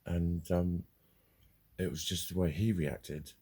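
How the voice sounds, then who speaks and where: A man's voice: deep voice, steady tone, slow, mellow, husky. A man ranting casually in a sweary, heated way, telling a story with bursts of laughter. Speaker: vlogger.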